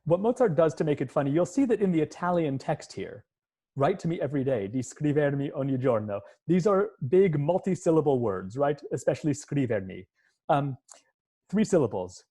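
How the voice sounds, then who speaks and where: A man's voice: a little high, expressive, normal speed, warm tone, slightly rough. A man, a music professor, giving an online lecture and explaining scenes step by step, at times humming the musical lines. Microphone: computer mic on a video call.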